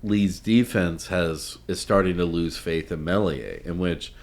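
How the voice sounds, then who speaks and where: A man with a low voice co-hosts a casual sports podcast. He talks in loose, rambling bursts and often stops mid-thought to start again. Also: unhurried. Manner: rambling, trails off and restarts often. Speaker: podcast co-host.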